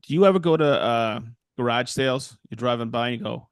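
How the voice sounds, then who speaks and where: A man's voice: mid-range voice, fairly quick, smooth, dry recording, clean studio sound. Rambling man telling shop stories. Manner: rambling, animated, quotes people in voices. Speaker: podcast co-host and woodworker. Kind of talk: casual storytelling chat.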